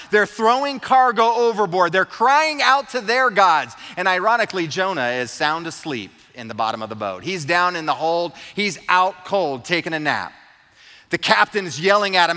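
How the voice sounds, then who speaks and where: A man's voice: fairly high pitch, animated, normal speed, pushed and bright, long reverb tail, faint music behind. A man preaching a sermon, retelling a story with earnest, emphatic repetition. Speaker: pastor.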